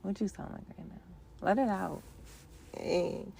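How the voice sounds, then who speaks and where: A woman's voice: medium pitch, a little slow, gravelly, dark tone, a little hiss or hum. A woman hosting her own podcast in a playful, rhythmic solo monologue, with casual slang and frequent laughter. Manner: casual, conversational phrasing with slang. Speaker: podcast host.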